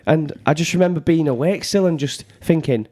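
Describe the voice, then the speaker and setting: A man from England co-hosting a podcast, chatting casually, telling stories with deadpan jokes and swearing freely. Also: on the high side, a little fast. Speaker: podcast co-host. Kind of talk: casual chat.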